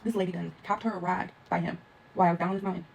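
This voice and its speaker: Young woman vlogging, super fast chatty rant, raspy fry in her voice. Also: on the low side. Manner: fast, animated, talks straight to viewers. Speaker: travel vlogger. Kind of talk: casual storytime rant.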